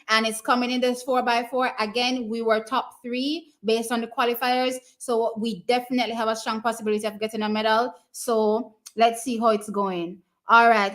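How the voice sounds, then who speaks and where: Jamaican woman, fairly high voice, chatty stream host calling a race and reacting to chat, excitable. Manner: chatty and excitable, cheering teams on. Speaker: live stream watch party host. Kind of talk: casual live race commentary, answering chat.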